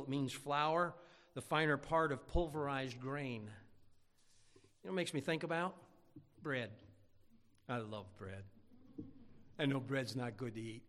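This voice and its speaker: A man's voice: mid-range voice, a bit bright, big-room sound. A man pastor preaching a fervent, emphatic sermon in a church sanctuary.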